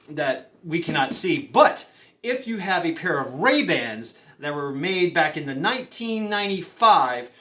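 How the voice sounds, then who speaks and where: A man giving mock-serious survival advice in a rambling comedy monologue, full of fillers and stammered restarts. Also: a little high. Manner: rambling, with many fillers, stammered restarts and deadpan conspiracy talk. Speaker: comedy vlogger.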